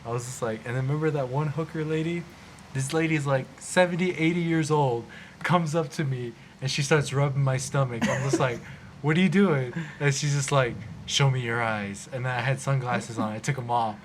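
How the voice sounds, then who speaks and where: A man's voice: mid-range voice, brisk. A young man from Arizona, hosting a podcast and telling a story casually, acting out the voices of the people in it. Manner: animated storyteller, acts out quoted voices. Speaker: podcast host. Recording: faint background noise.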